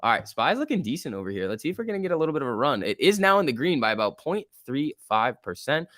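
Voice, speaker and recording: A man hosting a live market stream, talking casually and getting excited as he reacts. His pitch swings widely between calm remarks and sudden bursts of enthusiasm. The sound is dry and close, with no room around it. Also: quick pace, dry recording. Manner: excitable, reacts aloud and reads chat. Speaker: livestream host.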